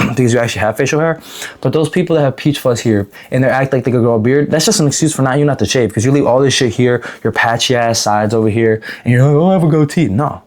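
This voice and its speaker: A man's voice: mid-range voice, a little mellow. A man giving casual advice in a blunt, profane monologue that rambles and restarts. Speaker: advice vlogger.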